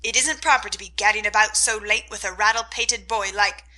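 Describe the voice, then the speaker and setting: A woman voicing a gruff, sharp-tongued older aunt. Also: medium pitch, steady tone, fairly quick, close to an everyday voice, poor audio.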